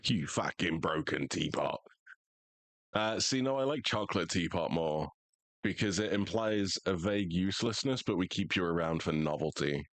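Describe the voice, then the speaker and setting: A man's voice: low voice, expressive, moderate pace, dry recording. A young American man streaming a game, chatting casually in profane, joking banter. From United States. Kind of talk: casual live gaming chat.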